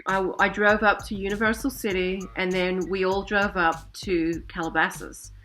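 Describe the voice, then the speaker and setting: A woman's voice: medium pitch, little pitch movement, moderate pace, a bit bright. A woman in her forties telling a personal story casually, rambling with many fillers and asides. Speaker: vlogger.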